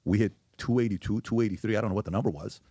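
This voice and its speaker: A man's voice: fairly low pitch, rapid-fire, dark tone, no room sound, studio quality. A man talking in an interview, arguing emphatically and firing off rhetorical questions. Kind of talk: interview conversation.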